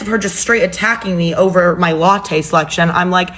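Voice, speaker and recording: A woman's voice: on the low side, brisk, few pauses, fairly bright tone. A young woman telling a personal story in a casual, chatty way with exasperated asides.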